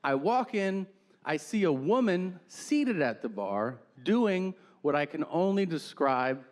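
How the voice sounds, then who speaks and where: A middle-aged man telling a stand-up story in a deadpan way and acting out the other people in it. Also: a little high, takes it slowly. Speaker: stand-up comedian. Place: theater stage before a laughing audience. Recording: live stage recording with audience noise.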